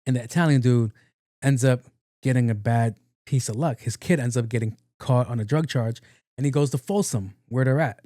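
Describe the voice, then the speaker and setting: A man's voice: mid-range voice, moderate pace, dark tone, no room sound, studio quality. A man hosting a podcast, retelling a story in a loose, slangy, profane way. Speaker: podcast host. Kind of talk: casual film recap storytelling.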